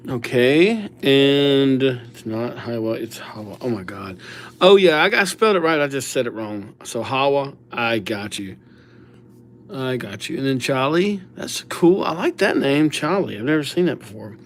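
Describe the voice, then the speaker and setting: A man's voice: mid-range voice, big pitch swings, a little slow. A man chatting casually on a live stream, reading out viewers' names as he writes them and thanking subscribers. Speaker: livestreamer writing viewers' names.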